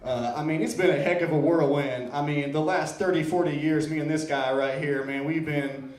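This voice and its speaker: A man from Iowa works an open-mic crowd with playful, self-mocking stand-up. His voice sits a little high. It rings through an echoey club room and is picked up from some distance. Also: fairly even intonation, moderate pace, slight background noise. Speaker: stand-up comedian. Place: comedy club stage.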